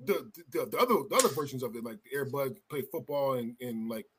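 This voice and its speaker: A man's voice: medium pitch, animated, quick pace, background noise. A man hosting a casual podcast, reading out vote results and chatting easily between them. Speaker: podcast host.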